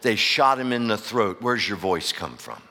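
A man preaching a sermon to his church. He swings from loud, impassioned outbursts to hushed asides and keeps asking the congregation rhetorical questions. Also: fairly low pitch, animated, moderate pace. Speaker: pastor. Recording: long reverb of a large hall.

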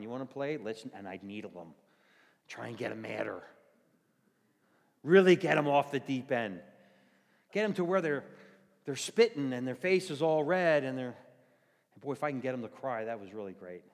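A man preaching a sermon as pastor, telling folksy stories in an animated way in a church. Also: mid-range voice, long reverb tail.

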